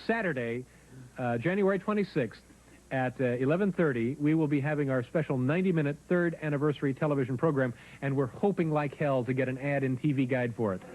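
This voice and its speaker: A man hosting a late night talk show, dry and halting with many fillers. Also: medium pitch, darkish tone. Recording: noisy TV broadcast audio.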